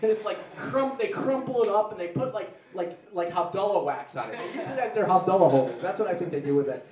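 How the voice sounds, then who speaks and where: A young adult man doing a rambling, self-deprecating stand-up comedy set, slipping into quick put-on voices of the people he mocks. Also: sits high, expressive, a little mellow, slight background noise. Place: live comedy venue with audience. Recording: roomy live venue, mic picked up from a distance.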